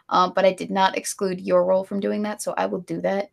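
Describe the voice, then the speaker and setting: A woman's voice: mid-range voice, little pitch movement, quick pace, gravelly, few pauses. A woman co-hosting a casual live stream, ranting with strong opinions and reading viewer donations. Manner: opinionated ranting, then giggly and apologetic. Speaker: stream co-host.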